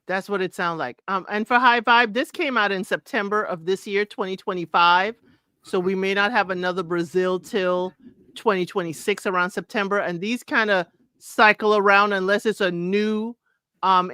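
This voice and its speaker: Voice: medium pitch, fairly even intonation, normal speed, sharp tone, clear, resonant tone, dry recording, studio quality. A co-host in a casual livestream chat, recapping episodes with frequent ums. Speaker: podcast co-host.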